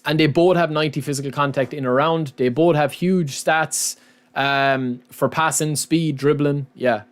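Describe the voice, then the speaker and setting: A man's voice: a little high, steady tone, moderate pace. A man live-streaming, chatting casually to his viewers and often calling them lads and man.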